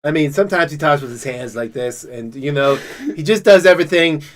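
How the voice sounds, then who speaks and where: A man's voice: fairly high pitch, animated, fairly quick, lightly acted. A man doing a boastful, rambling old politician. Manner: rambling, self-praising, repetitive phrasing.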